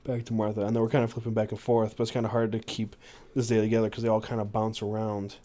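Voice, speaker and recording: A man's voice: on the low side, monotone, fast, mellow. A man hosting a podcast, reading book passages aloud and adding casual asides with fillers. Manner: reads passages aloud, doing the quoted voices, with fillers and asides. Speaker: podcast host.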